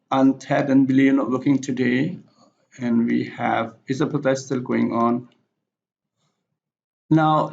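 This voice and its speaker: A male teacher giving a recorded slide lecture, halting with frequent fillers and self-corrections. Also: mid-range voice, vocal fry, a little mellow. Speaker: English teacher. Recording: dull lo-fi recording.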